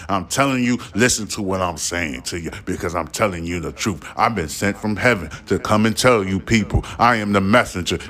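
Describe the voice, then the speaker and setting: Heated, cursing podcast host. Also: male voice, on the low side, fairly bright tone. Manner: heated, profane, preachy and defiant. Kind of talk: ranting solo podcast monologue.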